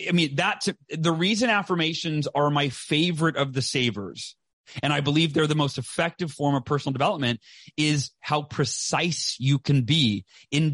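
A man's voice: on the high side, a bit bright, no room sound. Emphatic man, dry close sound. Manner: emphatic, repeats "right?" often, quick bursts. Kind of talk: motivational conversation.

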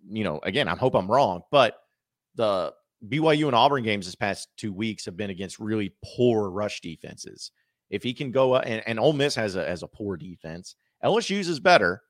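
A man's voice: fairly low pitch, no room sound, studio quality. A man hosting a sports podcast, talking casually, rambling and correcting himself as he goes. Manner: rambling, self-correcting, chatty. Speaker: podcast host.

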